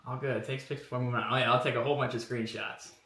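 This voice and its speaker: A man casually talking through his car body kit designs on a live stream, relaxed and rambling, thinking out loud with plenty of fillers. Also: mid-range voice, very fast, far from the mic. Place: home workshop room. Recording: roomy, from away from the mic.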